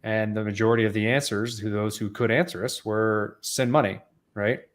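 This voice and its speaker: Lowish-voiced guy co-hosting a podcast, earnest, explains things at length. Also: steady tone, moderate pace. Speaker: podcast co-host. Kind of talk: casual chat.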